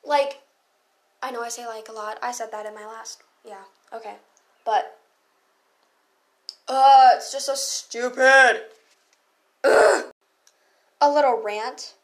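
Slow-talking teenage girl ranting. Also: fairly high pitch. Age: teens. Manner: heated, profane, full of fillers and asides. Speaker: podcast host. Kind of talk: casual ranting monologue.

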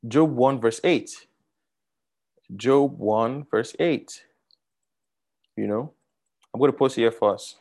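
A man with a Nigerian accent teaching a sermon, animated and repeating words for emphasis, with many fillers. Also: mid-range voice, takes it slowly, vocal fry, long pauses. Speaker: Bible teacher.

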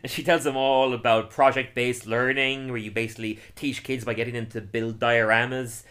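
A man casually recapping a cartoon episode, telling it with energy and laughing often as he slips into quick silly voices. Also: mid-range voice, flat delivery, fairly bright tone. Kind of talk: casual chat.

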